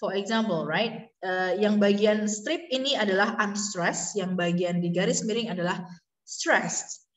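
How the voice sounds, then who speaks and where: A woman with an Indonesian accent giving a university lecture, mixing English with Indonesian and pausing often on fillers. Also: mid-range voice. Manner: switches between English and Indonesian, many fillers. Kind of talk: online lecture. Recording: distant mic with long reverb.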